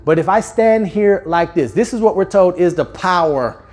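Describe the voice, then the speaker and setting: Guy running a live training seminar, lively, keeps quizzing the room, pace and volume all over on purpose. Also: sits high. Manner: energetic, speeds up and slows down, louder and softer on purpose; addresses the audience directly with questions. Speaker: real estate sales trainer.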